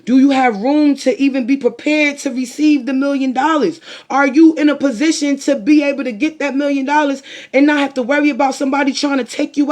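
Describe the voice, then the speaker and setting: Blunt, profane woman with a very high voice. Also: darkish tone. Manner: blunt, profane, preachy with rhetorical questions. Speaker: spiritual vlogger. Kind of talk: motivational monologue.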